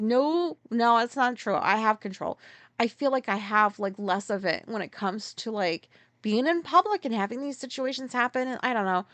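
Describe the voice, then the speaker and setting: A woman in her forties hosting a casual solo podcast, rambling through a story, swearing freely and loudly acting out her own outbursts. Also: a little high, dry recording. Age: 40s. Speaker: podcast host. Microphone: podcast mic.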